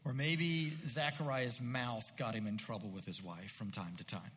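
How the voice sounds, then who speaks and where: A man's voice: mid-range voice, steady tone, moderate pace, a bit bright, long reverb tail, slight background noise, poor audio. A man preaching a sermon in a conversational, musing way with frequent fillers.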